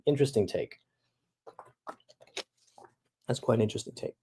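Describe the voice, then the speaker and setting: A man's voice: medium pitch, moderate pace, mellow, a little hiss or hum. A young man streaming live, talking casually and reading out chat in a laid-back, slangy way full of dude and bro.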